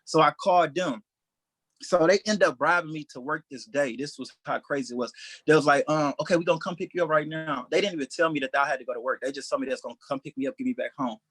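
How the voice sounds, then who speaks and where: Fast-talking man. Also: a little high, husky, dry recording. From Detroit, USA. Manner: animated, acts out quoted voices. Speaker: stand-up comedian. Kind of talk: storytelling anecdote.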